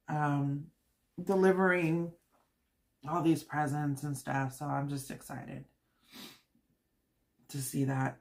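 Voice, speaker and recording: A woman hosting a live stream, chatting casually and venting in a rambling way with many fillers. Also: low voice. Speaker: channel host.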